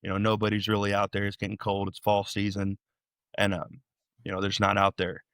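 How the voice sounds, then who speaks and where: A young man from Illinois, guest on a podcast, retelling a frightening night in an animated, rambling way with many restarts. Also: on the low side, a little fast, clear, resonant tone, no echo, clean studio sound. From Illinois, USA. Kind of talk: storytelling interview.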